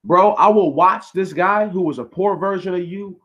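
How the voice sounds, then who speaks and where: Animated, profane man telling a story. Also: sits high, moderate pace, lo-fi sound. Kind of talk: casual storytelling monologue.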